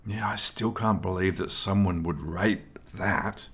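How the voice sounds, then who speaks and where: A man reading an audiobook voices a cheerful, carefree young man who teases his friend in a bright, breezy way. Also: low voice, fairly even intonation, measured pace, husky, exaggerated voice.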